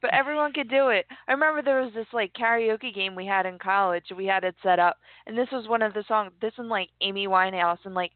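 A woman's voice: mid-range voice, quick pace, hardly any pauses, no room sound. Chatty woman co-host on a phone line. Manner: relaxed, chatty, laughs easily. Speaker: podcast co-host. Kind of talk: casual chat about music. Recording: dry, tinny phone-line sound.

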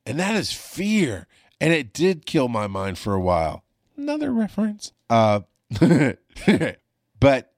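A paramedic hosts his podcast from a home studio, his medium-pitched male voice coming through a studio mic on a video call with no room sound. It's a candid monologue, delivered frankly and emphatically, and he swears freely throughout.

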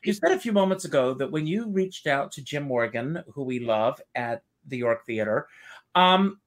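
A male host leads a casual interview with eager enthusiasm. His voice sits at a middle pitch. He moves the conversation along with friendly questions. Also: animated, normal speed.

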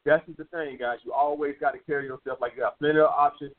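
A man in his own voice, somewhat high for a man, lecturing listeners in a blunt, profane, repetitive way. The sound is narrow and phone-like, as on a lo-fi call-in radio stream. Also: fairly even intonation, quick pace. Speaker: dating advice host. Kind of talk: call-in radio advice talk.

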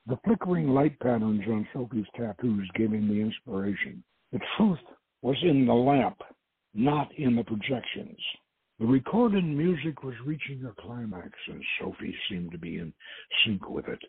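Husky male host reading his adventure novel aloud, dry narrow phone-like radio sound. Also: mid-range voice, animated, normal speed, no echo.

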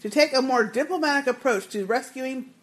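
A woman's voice: sits high, brisk. A woman co-hosting a casual podcast, chatting and laughing as she reads listener emails aloud. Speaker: podcast co-host.

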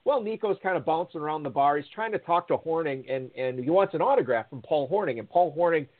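Guy rambling through a story on a tinny phone line, kinda high voice, lots of ums. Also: quick pace. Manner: rambling, animated storytelling with many fillers and restarts. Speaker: guest storyteller. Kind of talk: casual anecdote telling.

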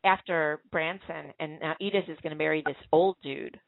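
A woman with a low, gravelly voice hosts a casual chat, rambling through stories with lots of fillers and false starts. She comes through a tinny phone line, dry and close, with no room sound. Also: steady tone, moderate pace, dry recording. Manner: rambling storyteller with many fillers and restarts. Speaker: host.

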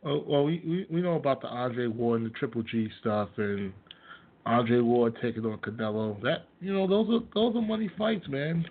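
Gravelly man ranting over tinny audio. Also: mid-range voice, normal speed. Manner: blunt, profane, laughs at opinions he mocks. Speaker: host. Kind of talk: casual sports rant.

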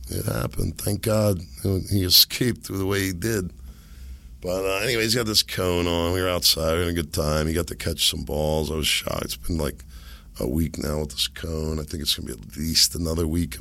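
A hoarse, sick-sounding middle-aged man with a low, gravelly voice and a sharp, forceful tone. He rambles through a casual solo podcast at a desk mic, cracking himself up as he goes. The sound is close and dry. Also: dry recording. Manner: rambling, self-amused, laughs at own jokes. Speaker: podcast host. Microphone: desk microphone.

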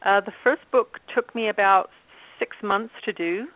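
A woman in her fifties from England, a guest telling her story in a relaxed interview with many fillers. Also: mid-range voice, normal speed. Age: 50s. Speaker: guest, channel and author. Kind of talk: casual interview talk. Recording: tinny phone line.

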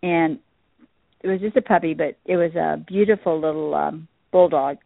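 A woman's voice: low-pitched, normal speed, vocal fry, dry recording. A woman guest on a call-in show, telling stories in an earnest, emotional way. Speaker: guest, shop owner. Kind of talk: casual interview chat. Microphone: phone call. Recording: dry tinny phone line.

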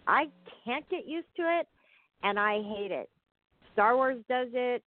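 A woman's voice: on the high side, animated, unhurried, dry recording. A woman hosting a casual chat about films, chatty and often searching for words. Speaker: podcast host. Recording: tinny phone-like sound.

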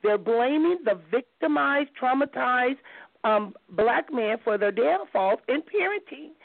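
Female call-in radio host, gravelly and earnest, dry lo-fi phone quality. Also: high-pitched, animated, a little slow, no echo. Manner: earnest, reflective, reads messages aloud. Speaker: radio talk show host.

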